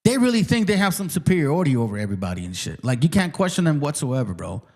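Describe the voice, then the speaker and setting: A man's voice: on the high side, very animated, fast talker, darkish tone. A man hosting a live online debate, combative and profane, who interrupts constantly and repeats himself. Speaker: host of a live debate stream.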